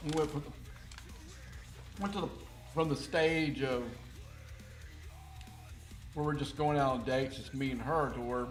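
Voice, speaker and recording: A man in his fifties telling a rambling personal story casually, full of restarts and fillers, raising his pitch when he quotes others. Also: animated, takes it slowly, long pauses. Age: 50s. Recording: echoey room, faint music behind.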